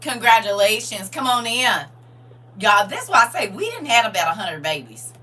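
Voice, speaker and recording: A middle-aged woman chatting excitedly and casually to her viewers on a live stream. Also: on the high side, normal speed, slightly rough, rough recording. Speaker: livestream host.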